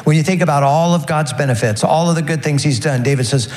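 A man preaching a sermon, earnest and unhurried, slowing down and pausing to press his points. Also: a little high, big-room sound. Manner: earnest, warm preaching with slow emphatic pauses. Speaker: pastor.

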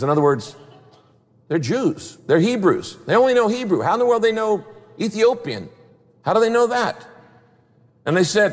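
A man preaching in a large church, his fairly high voice carried on the long reverb of the hall. He hammers his points home by repeating them and slips into the voices of the people he tells about. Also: animated, moderate pace. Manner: emphatic, repeats key phrases, acts out voices of people in the story. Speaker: pastor. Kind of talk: sermon.

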